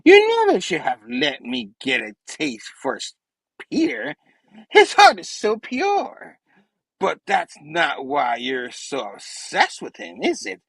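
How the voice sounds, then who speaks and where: A man's voice: a little high, huge pitch swings, slow pace, gravelly, fairly bright tone, slightly rough, no room sound, full character voice, rough recording. A man voicing a gloating male goblin villain who has taken over a hero's body, with a taunting, triumphant manner, while retelling a comic book.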